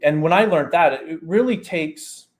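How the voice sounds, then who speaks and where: Aussie coach guy chatting on a podcast, bit higher voice, tells stories with lots of asides. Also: normal speed. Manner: animated storyteller, explains with examples and asides. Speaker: performance coach guest. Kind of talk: casual podcast conversation.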